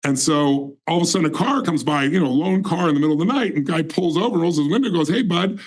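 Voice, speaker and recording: A man's voice: fairly high pitch, fast, rough recording. A man in his sixties telling his life story in an emphatic, intense way as a guest in a conversation. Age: 60s.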